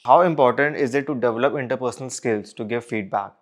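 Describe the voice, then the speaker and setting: A man's voice: medium pitch, fast talker. A man hosting a podcast, thinking aloud as he frames a question for his guest. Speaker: podcast host. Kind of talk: interview question.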